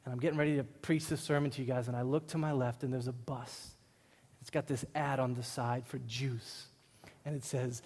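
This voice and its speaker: Man, pastor preaching, slightly high voice, emphatic and humorous, long hall reverb. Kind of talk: sermon. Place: church hall.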